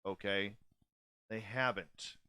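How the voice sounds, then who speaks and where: A man's voice: lowish voice, fairly even intonation, slow pace, sharp tone, smooth, no echo. A man in his forties hosting a radio show, speaking bluntly and candidly in a casual late-night monologue. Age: 40s. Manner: blunt, candid and profane, with many restarts.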